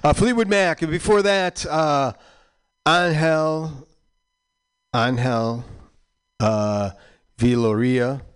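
A man's voice: on the high side, clear, resonant tone. Rambling older man radio DJ. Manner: rambling and halting, drifting between thoughts. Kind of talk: casual on-air chat between records. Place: community radio studio.

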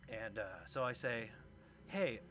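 A man's voice: mid-range voice, lively intonation, normal speed, a bit bright. Guy doing standup at a little club, chatty storytelling, bit of room noise. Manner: conversational storytelling, self-deprecating. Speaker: stand-up comic and open mic host. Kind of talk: stand-up comedy set.

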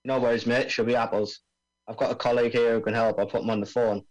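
A man's voice: mid-range voice, level tone, fast talker, a little mellow, lo-fi sound, natural voice. A man doing a put-on Australian accent, voicing a brash male bomb-disposal expert full of slang at an amateur table read over a video call. He is breezy and stumbles over the technical jargon.

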